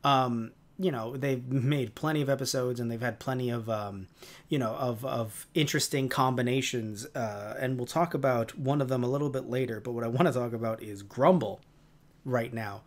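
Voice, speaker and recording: A man's voice: medium pitch, moderate pace. A man co-hosting a podcast in casual chat, rambling through tangents with plenty of fillers. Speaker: podcast co-host.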